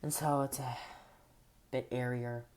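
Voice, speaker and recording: A young woman with a low, deep-set voice talks to camera in a loose, meandering vlog. She is earnest and affirming, drifting between thoughts with fillers and soft laughs. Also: steady tone, measured pace, a little hiss or hum. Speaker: vlogger. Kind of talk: casual reflective monologue.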